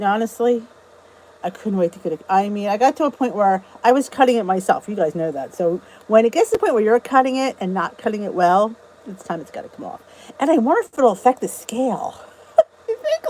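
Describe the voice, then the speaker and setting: Here the livestream host, a chatty, bubbly middle-aged woman with US English, talks at a brisk clip in a medium-pitched, darkish, animated voice. She is at home greeting YouTube viewers and reading their comments into a phone or camera on a stand, and the recording is poor.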